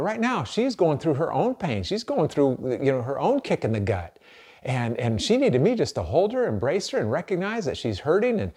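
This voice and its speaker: A man's voice: on the high side, darkish tone, breathy edge. A middle-aged man preaching a sermon as a pastor, earnest and conversational, often restarting his sentences.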